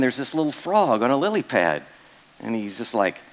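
A man's voice: medium pitch, big pitch swings, fairly quick, fairly bright tone. A male pastor giving a sermon in a casual, joking way, full of fillers and asides to the congregation. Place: church.

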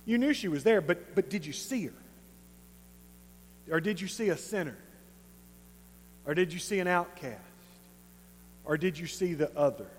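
An East Texan man voicing a calm male teacher who speaks softly and slowly, heard in a large, reverberant hall. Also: high voice, a little hiss or hum, voice pushed down. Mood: gentle. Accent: East Texas. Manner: slow, quietly probing.

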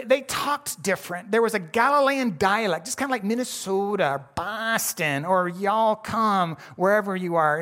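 A man's voice: high voice, fairly bright tone. Folksy male pastor preaching a sermon. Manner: conversational, folksy preaching with frequent restarts.

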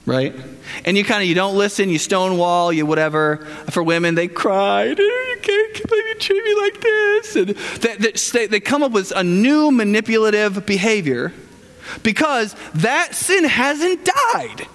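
A man's voice: high-pitched, lively intonation, moderate pace, a bit bright, long reverb tail. A man preaching a sermon as pastor, talking conversationally, tossing in "right?" and acting out what people say. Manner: conversational, keeps asking "right?", acts out quoted people.

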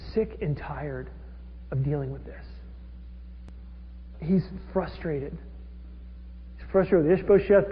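A man preaching a sermon as a pastor, animated, acting out the figures he describes. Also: sits high. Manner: animated, acts out quoted characters with rising intensity. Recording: dull lo-fi audio with long hall reverb.

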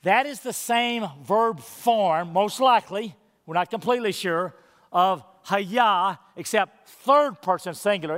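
A male pastor preaching a sermon, emphatic on key phrases and dropping to hushed, intimate tones. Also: sits high, big-room sound. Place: church sanctuary.

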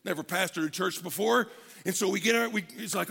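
A middle-aged pastor, preaching a sermon conversationally and acting out people's prayers with energy. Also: male voice, high voice, brisk, creaky, bright, forceful tone, slightly rough. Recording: long reverb of a hall.

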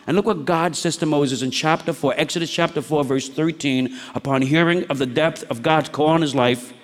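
A middle-aged pastor preaching in a church, his fairly high voice carried by a long reverb. He tells personal stories in a hushed tone, then builds to urgent calls to take risks in faith. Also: moderate pace. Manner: storytelling preacher, shifts between hushed anecdote and rising exhortation. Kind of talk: sermon.

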